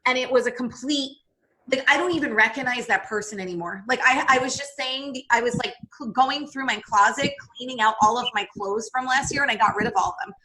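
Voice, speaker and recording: A woman's voice: high voice, a little fast, pushed and bright, slight background noise, rough recording. A woman guest on a podcast, talking candidly and emphatically, quoting herself and swearing freely. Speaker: podcast guest, business coach.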